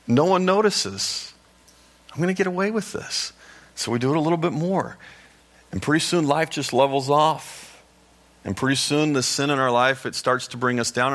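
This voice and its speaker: A male pastor with a medium-pitched voice delivers a sermon in a conversational, storytelling style, tossing lively asides to the congregation.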